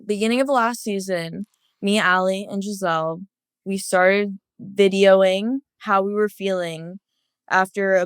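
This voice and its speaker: On a casual podcast interview, a twenty-year-old woman footballer from Los Angeles, USA, speaks in a smooth, resonant, mid-range voice. Relaxed and chatty, she laughs often, giggling and filling her sentences with "like". The audio is close and dry, without any room sound.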